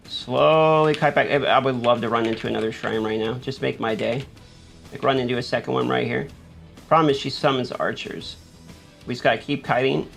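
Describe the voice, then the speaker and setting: Guy with a gravelly voice commentating his own game run, hyping himself up. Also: medium pitch, fairly bright tone. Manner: talks himself through play, panics and urges himself on. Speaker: gaming YouTuber. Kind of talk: live gameplay commentary.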